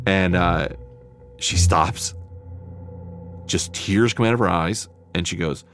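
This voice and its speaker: A young man from New Jersey telling a personal story in a casual, conversational way, getting animated when he relives what he said. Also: low-pitched, takes it slowly, creaky, long pauses. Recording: music underneath.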